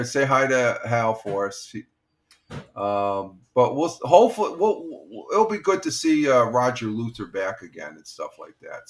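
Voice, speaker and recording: Rambling older man chatting on a live stream. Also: medium pitch. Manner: rambling, halting, reads chat comments aloud. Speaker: livestream host. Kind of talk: casual live-stream chat.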